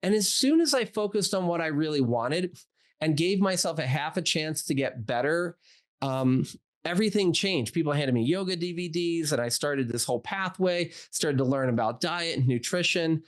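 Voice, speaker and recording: A man in his forties, a doctor and interview guest, telling a personal story in a casual, animated way, acting out quoted dialogue with lots of "like" fillers. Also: fairly high pitch, moderate pace.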